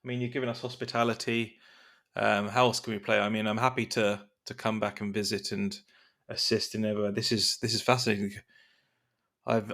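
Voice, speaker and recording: Man, tabletop role-play, formal, halting, flat and gravelly. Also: fairly low pitch. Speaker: player voicing a librarian.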